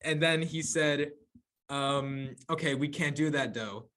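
A man's voice: fairly high pitch, slow, a bit bright. A young man chatting casually with his friends on a podcast, telling stories and corny jokes, laughing often. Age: young adult. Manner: laughing, corny-joke storyteller, says man a lot. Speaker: podcast co-host. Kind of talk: casual chat among friends.

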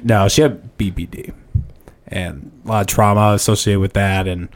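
A man hosting a casual studio chat, speaking candidly and trailing off into soft asides. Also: lowish voice, fairly even intonation, normal speed. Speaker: podcast host.

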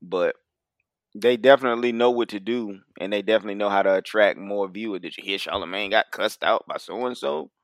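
A man co-hosting a casual podcast chat, laid-back and agreeable, quick to laugh. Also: lowish voice, no room sound, studio quality. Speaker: podcast co-host.

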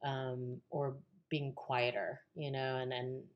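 A woman's voice: a bass voice, flat delivery, slow, muffled recording. A woman guest on a podcast, telling a story casually with lots of fillers, restarts and laughter.

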